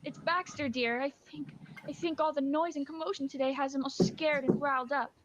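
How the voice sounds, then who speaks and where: A woman voicing a wife gently soothing her dog with cooing reassurance in an animated film. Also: high voice, a little fast, highs cut off, very noisy, natural voice.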